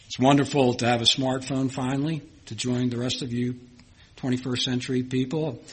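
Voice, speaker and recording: A man's voice: mid-range voice, flat delivery, moderate pace, breathy edge. A middle-aged man preaching an earnest sermon, reading scripture aloud. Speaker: pastor.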